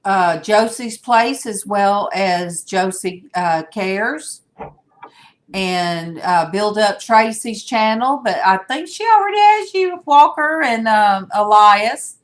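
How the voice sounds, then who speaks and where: Slow-talking older woman livestream host. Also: medium pitch, animated. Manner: chatty, rambling, greets viewers by name. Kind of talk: casual livestream chat.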